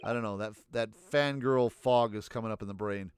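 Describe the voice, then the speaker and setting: A man's voice: lowish voice, fairly quick, a little hiss or hum. A man streaming a video game, chatting casually and joking as he reads the story aloud. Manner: chatty, joking, often laughing. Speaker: let's-play streamer. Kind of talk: casual game commentary, reading dialogue aloud.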